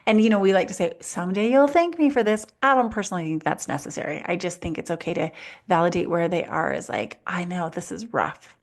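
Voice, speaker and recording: Calm lower-voiced woman podcast co-host. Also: fast. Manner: earnest, reassuring, calm advice-giving. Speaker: life coach, podcast co-host. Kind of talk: casual podcast chat.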